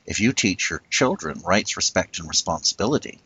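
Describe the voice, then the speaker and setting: A man makes his points earnestly in a relaxed discussion. His voice is low and husky. The sound is dry. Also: fairly quick, no room sound, poor audio. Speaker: co-host. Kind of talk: casual discussion.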